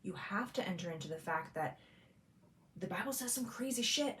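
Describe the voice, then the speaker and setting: A woman co-hosting a podcast who talks in a candid, chatty way and tells stories in an animated way. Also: mid-range voice, normal speed, slight background noise. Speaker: podcast co-host. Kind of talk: casual chat.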